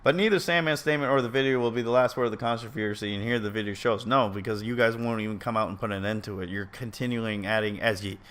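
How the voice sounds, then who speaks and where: Reading an article aloud, this video commentator offers casual remarks in a lowish, fairly bright voice. His intonation stays fairly even, and he talks quickly with hardly any pauses. He is earnest and opinionated, rambling along and often tripping over words, then fixing them.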